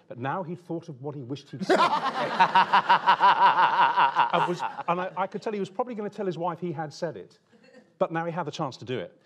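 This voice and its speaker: A middle-aged man, a TV presenter, telling an animated anecdote on stage and laughing often. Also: mid-range voice.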